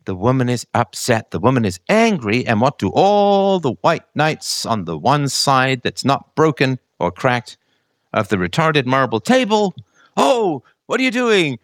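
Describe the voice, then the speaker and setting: A man giving a casual monologue, animated and argumentative, posing rhetorical questions. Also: medium pitch, dry recording, studio quality. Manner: animated, acts out other people's voices in quotes.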